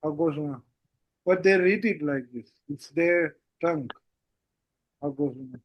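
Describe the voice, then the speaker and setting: A man teaching a language class in a relaxed way, often repeating "that's it" and "how goes it". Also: a little high, unhurried, no room sound, lo-fi sound. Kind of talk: casual online language lesson.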